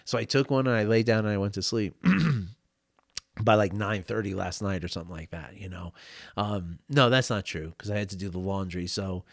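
A man's voice: lowish voice, moderate pace, no echo, clean studio sound. A man hosting a talk show, telling a candid personal story in a reflective, rambling way with many fillers and frequent small laughs. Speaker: podcast host. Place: home.

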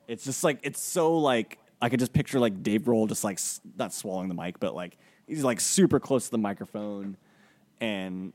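A man's voice: on the low side, a little mellow. A man co-hosting a podcast, talking casually and hesitantly with many fillers. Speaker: podcast co-host. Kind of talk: casual chat.

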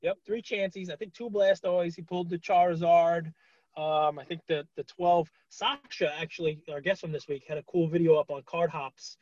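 A talkative man with a voice on the higher side, telling stories in loose casual chat full of fillers. He gets animated when he retells things. The sound is dry and a bit dull, with no room around it. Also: moderate pace, no echo. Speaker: podcast co-host.

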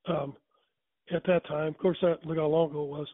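A man's voice: fairly high pitch, steady tone, a little fast, dry recording. An older man rambling through folksy baseball stories in a casual way. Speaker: storyteller. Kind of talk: casual storytelling. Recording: tinny phone line.

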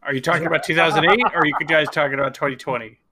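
A man co-hosting a casual gaming podcast, chatting in a relaxed, easygoing way. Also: a little high, racing, a crowd in the background. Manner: relaxed, easygoing, laughs along. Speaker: podcast co-host.

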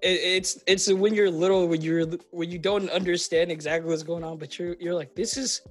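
A young man born in Kenya hosting a podcast, telling animated stories in a casual chat with lots of fillers. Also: sits high, fairly quick, soft background music. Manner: animated storyteller, acts out quoted voices, frequent fillers. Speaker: podcast host.

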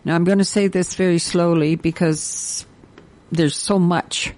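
An older woman, hosting a community radio show, reading announcements in a halting way with many fillers. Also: low voice, fairly even intonation, vocal fry, a little mellow. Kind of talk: casual radio chat and announcements.

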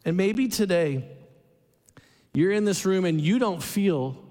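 A man preaching in a high, unhurried voice, drawing out his words and pausing for weight. He turns often to the congregation with questions and lets his feelings show. The sound rings with the long reverb of a big church sanctuary. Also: expressive, a little mellow. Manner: emotive preaching, slows for emphasis, asks the congregation questions. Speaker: pastor. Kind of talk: sermon.

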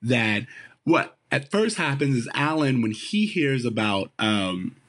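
A man of ordinary pitch chats casually on a podcast about a sitcom episode. He laughs often and bursts into animated quotes of the characters as he recaps. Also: takes it slowly. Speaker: podcast co-host.

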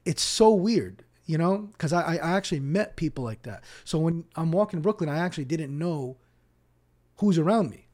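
Appearing on a podcast for a relaxed, story-driven interview, this imam, born in Palestine, talks at a normal speed in a mellow, fairly high male voice. He tells stories with animation, voicing the dialogue himself, and repeats words as he starts over.

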